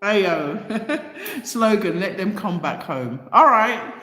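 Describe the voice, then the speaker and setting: A woman's voice: medium pitch, lively intonation, takes it slowly, fairly bright tone. A woman hosting a livestream and reading out viewer comments, talking passionately and directly to her audience. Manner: passionate, impassioned, talks straight to viewers. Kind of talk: emotional livestream chat. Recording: roomy echo with long reverb.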